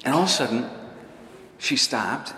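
A man preaching a sermon as a priest, telling a story in a conversational, halting way with many restarts. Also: medium pitch, lively intonation, sharp tone, reverberant, in a large hall, slight background noise.

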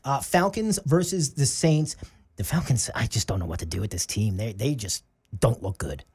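A man hosting a sports radio show, talking football picks and games quickly and with animation. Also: mid-range voice, a little mellow, breathy edge. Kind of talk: casual sports talk.

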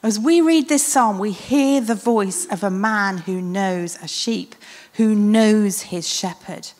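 A woman's voice: mid-range voice, slow pace. Woman preaching in a reverberant church. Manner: earnest, reflective, with emphatic repetition and frequent softening to a hush. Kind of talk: sermon. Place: church hall. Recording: church hall with long reverb.

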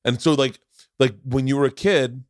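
A man's voice: mid-range voice, steady tone, moderate pace, dry recording, studio quality. A man hosting a podcast, telling stories in a loose, rambling way, often restarting sentences and swearing freely. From Florida. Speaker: podcast host; comedian. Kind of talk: casual conversational storytelling.

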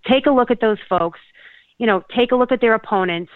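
A woman from Connecticut co-hosting a talk show, speaking earnestly and haltingly with many restarts. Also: on the high side, dry recording. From Connecticut, USA. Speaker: podcast co-host. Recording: tinny phone-like dry sound.

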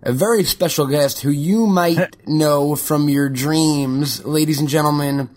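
A man's voice: fairly high pitch, slow pace, darkish tone. A man hosting a podcast, chatting casually in a joking, profane, rambling way with lots of restarts. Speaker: podcast host.

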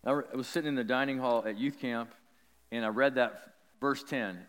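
A man preaching a sermon, telling a personal story in an animated, chatty way with lots of likes and ums. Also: medium pitch, normal speed, smooth, big-room sound. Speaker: pastor.

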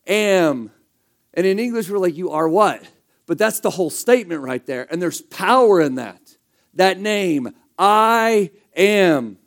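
A man preaching a sermon in a conversational way, asking the congregation rhetorical questions as he reads from scripture. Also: high-pitched. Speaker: pastor.

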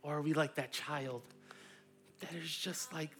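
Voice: medium pitch, steady tone, unhurried, fairly bright tone, slight background noise. A pastor and parent preaching a sermon in a conversational, playful way. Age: adult parent.

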